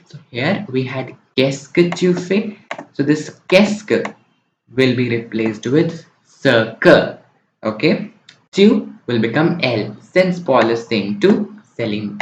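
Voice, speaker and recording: A man's voice: medium pitch, a little hiss or hum. Man tutoring French in a roomy space. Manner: explains step by step, often checking in with "right?" and "okay?". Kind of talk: online exam-prep lesson. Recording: roomy, dull lo-fi recording.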